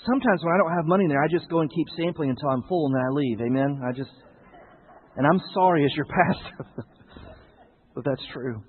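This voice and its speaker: A man's voice: on the high side, brisk, pauses often, in a large hall, phone-quality sound, slight background noise. A male pastor preaching a sermon, telling stories with jokes for the congregation.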